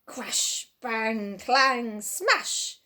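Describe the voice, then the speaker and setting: A woman's voice: on the high side, expressive, extremely slow, bright, forceful tone, exaggerated voice. A woman as a sensible young girl. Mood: wondering.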